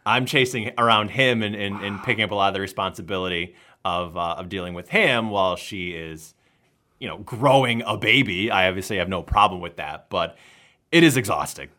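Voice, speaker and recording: A man's voice: lowish voice, fairly quick, bright, forceful tone. A man, co-hosting a podcast in a wry, chatty, self-deprecating way. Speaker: podcast co-host. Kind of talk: casual chat.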